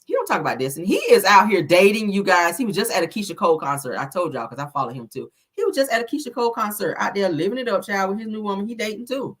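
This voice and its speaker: A woman's voice: mid-range voice, lively intonation, rapid-fire, few pauses. A woman hosting a celebrity gossip commentary, blunt, profane and sassy as she reads viewer comments.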